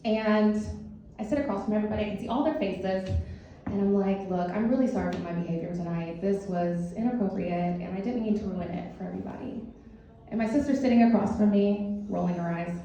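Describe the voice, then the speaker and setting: A woman's voice: medium pitch, a little fast. Woman telling a comic story in an echoey hall. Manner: animated, self-mocking, casual. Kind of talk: first-person comic storytelling. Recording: echoey hall, distant dull mic, faint hiss.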